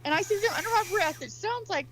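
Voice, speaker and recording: A woman telling stories in casual chat, animated and swearing freely as she acts out quotes. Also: very high-pitched, quick pace, a crowd in the background, low-quality recording. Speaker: guest.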